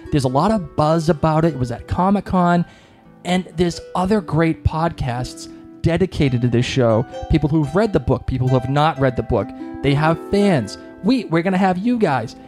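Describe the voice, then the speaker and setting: A man's voice: on the high side, expressive, normal speed, darkish tone, soft background music. A man with a Boston accent co-hosting a podcast in a joking, chatty way. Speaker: podcast co-host. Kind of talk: casual podcast chat.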